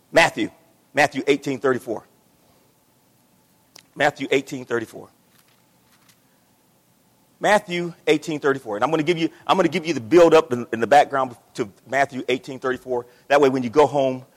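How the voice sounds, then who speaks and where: Speaking at normal speed in a mid-range voice, this pastor pauses often during his passionate sermon. He repeats phrases and acts out the voices in his story, with the long reverb of a large hall behind him.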